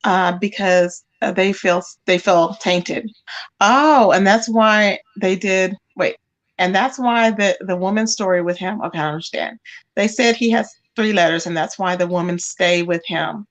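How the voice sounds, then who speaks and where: A woman's voice: medium pitch, moderate pace. A woman hosting a livestream, chatting casually and animatedly about celebrity gossip, calling people "child". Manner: animated, calls listeners "child". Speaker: livestream host.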